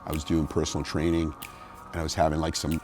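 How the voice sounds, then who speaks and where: Middle-aged guy with a really low voice, animated storytelling in an interview, faint music behind. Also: fast. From New Jersey, USA. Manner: animated, acts out quoted voices. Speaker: guest bodybuilder.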